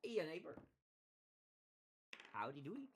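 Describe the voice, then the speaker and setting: A man's voice: fairly high pitch, very animated, fast talker, husky, pitched above the performer's own voice, exaggerated voice. A man putting on a hammy, overly nice Minnesota accent as a joke impression. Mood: folksy. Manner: hammy, cheerful, overdone niceness.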